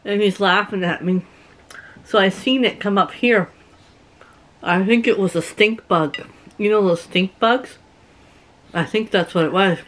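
A woman's voice: mid-range voice, measured pace, long pauses, fairly bright tone. A middle-aged woman from Canada chatting casually to her viewers from her rural home, telling stories and laughing often. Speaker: vlogger. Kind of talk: casual chat to camera.

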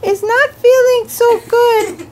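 A woman voicing Elmo, a cheerful little furry monster, squeaky and giggly, wailing dramatically during a playful home puppet game. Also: fairly even intonation, slow pace, a crowd in the background. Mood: silly distress.

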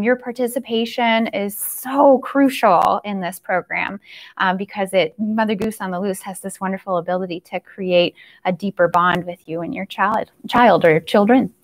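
A woman leading a children's storytime, chanting nursery rhymes in a cheerful sing-song and stretching out the last words of each line. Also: fairly high pitch. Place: library storytime recorded on camera.

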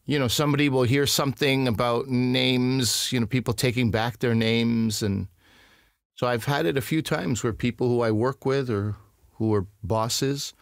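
Lively, self-mocking storytelling man. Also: medium pitch, moderate pace, creaky, dry recording, studio quality. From Canada. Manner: animated, self-mocking, acts out other voices. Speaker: comedian guest. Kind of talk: casual storytelling interview.

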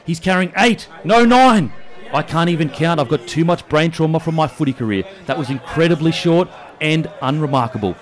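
A man with an Australian accent doing parody sports commentary, getting excited and building up to shouts. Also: a little high, moderate pace.

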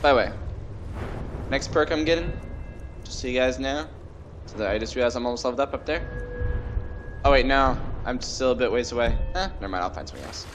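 A young man giving goofy, casual commentary over his gameplay, jumping between loud outbursts and mumbling, and singing to himself. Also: medium pitch, animated, a little fast, pauses often, background noise. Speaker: let's play gamer. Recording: game music loud behind voice. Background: game music and sound effects.

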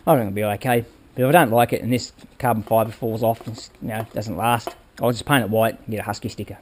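A man's voice: fairly low pitch, fairly even intonation, fast talker, a little hiss or hum. Chatty man explaining his bike build. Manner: rambling, hands-on, addresses viewers with "all right?". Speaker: motorbike build vlogger. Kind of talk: casual workshop how-to talk.

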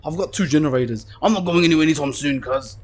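A young man playing a horror game, swearing and panicking as he yells at the screen. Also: fairly high pitch, fast, a little hiss or hum. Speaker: gaming YouTuber. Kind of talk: horror game let's play.

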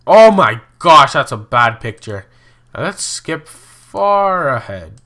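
A young man talks through a geography guessing game in a loose, chatty way, often exclaiming and poking fun at himself. His voice is very bright, with a lively, swooping pitch, and he takes his time between phrases. Keyboard clicks and typing sit behind him. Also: takes it slowly. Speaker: gaming video host. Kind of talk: casual gameplay commentary.

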